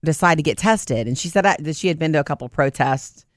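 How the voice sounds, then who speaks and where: A woman's voice: deep voice, animated, fast talker, dry recording. Chatty woman, dry close sound. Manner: chatty storyteller, acts out quotes. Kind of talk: casual chat.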